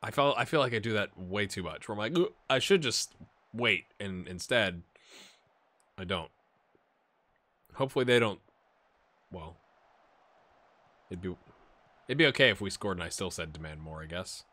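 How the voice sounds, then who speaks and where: A man giving casual, amused commentary while playing a football management game, getting excited during the action. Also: low-pitched, moderate pace, pauses often. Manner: chatty, amused, jumps to excited play-by-play. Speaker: gaming YouTuber. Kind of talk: casual let's-play commentary.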